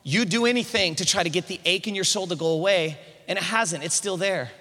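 Man, preacher, high bright voice, call-and-response sermon, long hall reverb. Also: a little fast. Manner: repeats words at starts of phrases.

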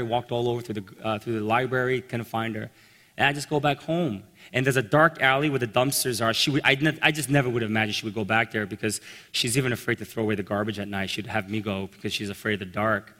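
A man telling a personal story in a sermon, animated and acting out the voices of the people in it. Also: mid-range voice, fast talker. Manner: animated storyteller, acts out quotes. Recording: long reverb in a large hall.

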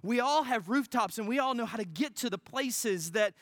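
Dramatic preacher with a lively voice. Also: medium pitch, normal speed, no room sound, studio quality. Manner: dramatic, swings from loud to near-whisper; peppers phrases with "right?". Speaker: pastor. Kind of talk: sermon.

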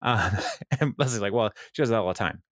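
In studio-quality audio with no echo, a male co-host speaks a little fast in a lowish, fairly bright voice. He rambles through a casual recap of a show's scenes, quoting characters with plenty of fillers.

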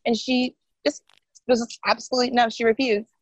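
A woman's voice: on the high side, brisk, no room sound, low-quality recording. A woman guest on a podcast, telling a personal story in casual chat and acting out the voices of the people in it. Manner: animated, quotes others in lively voices.

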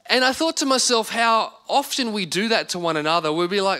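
A man's voice: high-pitched, animated, a little fast, hardly any pauses, bright, forceful tone. A man in his thirties preaching a sermon as pastor, earnest and repeating words for emphasis.

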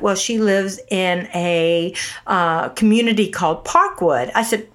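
A woman's voice: medium pitch, measured pace. Southern woman telling a ghost story. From North Carolina. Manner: animated storytelling, acting out quoted dialogue. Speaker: guest storyteller. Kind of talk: casual ghost story chat.

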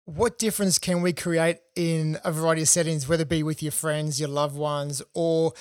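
A man's voice: a little high, level tone, moderate pace, dry recording. Polite male interviewer, dry close sound. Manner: polite, searching, hesitant fillers. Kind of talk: interview questions.

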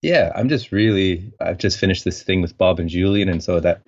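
A very deep-voiced man from French Canada, a scientist guest on a podcast. He thinks aloud in long, rambling turns full of fillers, and his voice comes through muffled and lo-fi. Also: normal speed, darkish tone. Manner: thoughtful, rambling, frequent fillers. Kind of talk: conversational interview.

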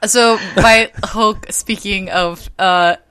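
A woman's voice: mid-range voice, steady tone, slow, bright, forceful tone, clear, resonant tone, dry recording. A woman co-hosting a podcast in casual chat, rambling and self-conscious, often giggling. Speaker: podcast co-host.

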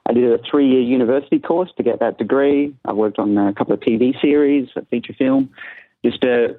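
A man's voice: medium pitch, a little fast, no room sound. A polite young Australian caller in his twenties, with an accent that carries a British tinge. He talks over a thin, tinny phone line in a dry, close sound. He laughs easily and sounds a bit nervous. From South Australia. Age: 20s. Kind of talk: casual phone-in chat.

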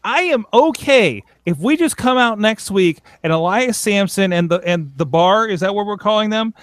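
A man hosting a casual podcast chat, animated, with frequent stammering restarts. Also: high-pitched, moderate pace, no room sound. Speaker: podcast host.

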